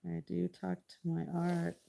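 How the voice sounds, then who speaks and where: A woman's voice: lowish voice, completely flat delivery, a little slow, vocal fry, warm tone. Chatty middle-aged woman painting live. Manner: chatty, talks to her painting and viewers. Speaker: artist livestreaming. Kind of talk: casual chat while painting.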